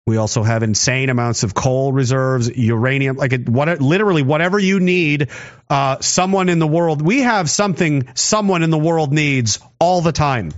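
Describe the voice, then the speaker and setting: On a muffled recording, a Canadian streamer with a somewhat high voice reads his chat aloud. He rambles sarcastically and swears through his casual livestream commentary.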